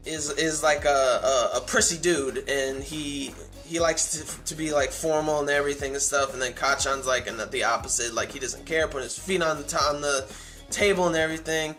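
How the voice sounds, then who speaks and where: A man with a somewhat high voice talks through an anime episode in a loose, casual recap. He rambles eagerly and restarts his sentences often, filling the gaps with "uh" and "like." Faint music plays quietly in the background. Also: steady tone, moderate pace. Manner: rambling, many fillers and restarts; enthusiastic. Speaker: anime reviewer.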